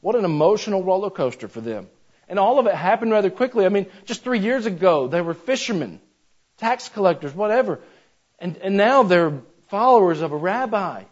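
A man's voice: sits high, very animated, brisk, breathy edge. A man preaching a sermon in a folksy, conversational way, talking straight to his congregation. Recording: slightly dull lo-fi sound.

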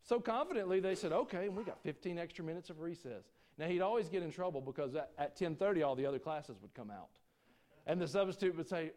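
A man preaching a sermon, folksy and joking with the congregation, swinging between loud preaching and quiet asides. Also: a little high, lively intonation, quick pace. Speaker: pastor.

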